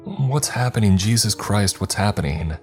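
A terrified woman in a horror story, put on by a male narrator with a very deep voice. Her words come out shaky and pleading, pitched higher than the narration around her. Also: moderate pace, darkish tone, faint music behind, close to an everyday voice. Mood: panicked. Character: frightened young woman trapped with the narrator.

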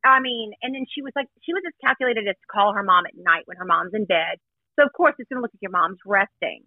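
A woman's voice: medium pitch, fast, no room sound. A woman guest in casual chat, blunt, chatty and self-deprecating as she tells a story. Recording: tinny phone-like line.

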